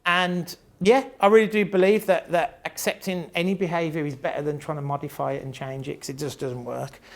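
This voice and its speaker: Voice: mid-range voice, steady tone, a little fast, creaky. Jokey British speaker giving a live talk. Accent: British English. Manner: chatty, jokey, laughs often, acts out quotes; blunt, swears casually. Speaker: speaker on autism and behaviour, parent.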